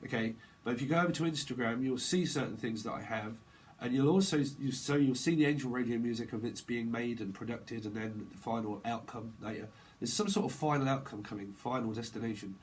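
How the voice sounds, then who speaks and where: A man giving a casual live tarot reading, rambling and excitable, repeating himself and using slang. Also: mid-range voice, fairly quick. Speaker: tarot reader.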